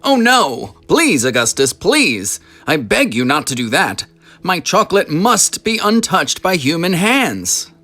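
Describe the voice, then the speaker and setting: A man voicing a frantic, eccentric male chocolate maker who pleads in a raised, high voice. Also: very animated, unhurried, full character voice. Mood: frantic pleading. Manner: pleading, high-pitched and loud.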